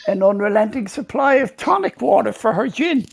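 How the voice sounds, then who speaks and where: A man's voice: high voice, animated, moderate pace, vocal fry, breathy edge. A man calling in to a podcast, chatting and joking about his family. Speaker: caller. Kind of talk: casual chat.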